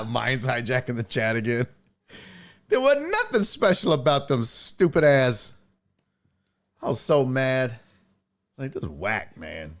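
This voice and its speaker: This sports talk show host has a medium-pitched voice and takes things slowly, pausing often. Hosting a casual livestream, he launches into profane, animated storytelling rants and replies to viewer chat, cursing plenty along the way.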